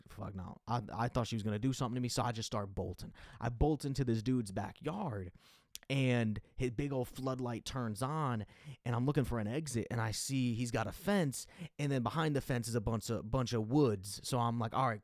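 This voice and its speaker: A young man spins a rambling personal story in loose, slang-heavy speech full of swearing. When he quotes his own panicked thoughts, he drops low and hushed. The voice sounds close and dry, with no room around it. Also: a little fast, no room sound. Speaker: podcast host. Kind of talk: casual storytelling monologue.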